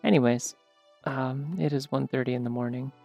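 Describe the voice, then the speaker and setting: Sleepy, gravelly voiced streamer rambling. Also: medium pitch, fairly even intonation, normal speed, darkish tone, soft background music. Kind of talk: casual chat on a game stream.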